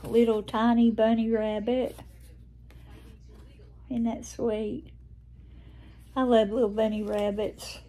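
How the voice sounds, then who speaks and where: Older Southern woman vlogger, slow and mellow, flat even delivery, tender homespun chat. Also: fairly high pitch. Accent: Southern American. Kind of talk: casual chat to camera.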